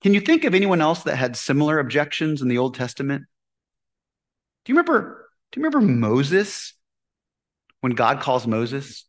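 A man preaching a sermon in an animated way, asking his listeners questions and answering them. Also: fairly high pitch, moderate pace, pauses often. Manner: animated, asks the congregation questions. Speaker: pastor.

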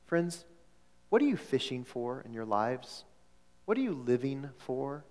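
A man's voice: medium pitch, sing-song, measured pace, darkish tone. A male pastor telling a story in a sermon, with a conversational delivery that repeats words and asks the congregation questions. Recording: long hall reverb.

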